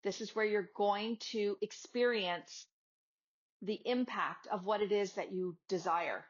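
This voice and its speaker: A woman's voice: mid-range voice, fairly even intonation, a little slow. A woman yoga teacher and podcast host giving a casual motivational talk, chatty and acting out little dialogues with her students. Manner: conversational, acts out dialogues with students. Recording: slightly dull lo-fi audio.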